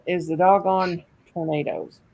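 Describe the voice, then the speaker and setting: A woman's voice: fairly low pitch, steady tone, a little slow, muffled recording, very noisy. An older woman hosting a casual livestream at home, chatty and folksy, reading comments aloud and laughing often. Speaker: livestream host.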